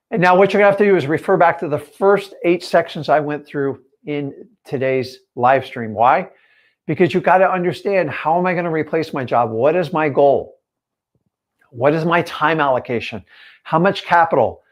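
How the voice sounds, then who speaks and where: Punchy man coaching a live stream. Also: on the high side. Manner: punchy, emphatic, rhetorical questions. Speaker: real estate coach.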